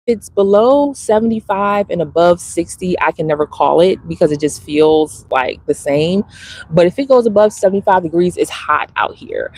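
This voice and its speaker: A woman's voice: medium pitch, a little mellow, breathy edge, poor audio. A woman vlogging outdoors by a bay, chatting casually and laughing, calling her viewers girl and y'all. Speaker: spiritual content creator. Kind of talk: casual outdoor vlog chat. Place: outdoors by a bay near an airport.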